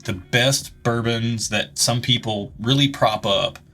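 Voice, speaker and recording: Bright-voiced male whiskey reviewer. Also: mid-range voice, takes it slowly, faint music behind. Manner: relaxed, joking, chatty. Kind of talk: casual chat.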